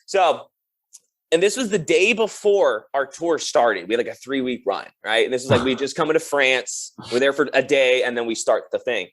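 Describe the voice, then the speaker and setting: A young man guests on a podcast in a casual interview chat, speaking at normal speed in an animated, mid-range, fairly bright voice. His stories are loose and laid-back, full of "like," and he laughs while acting out other people's lines.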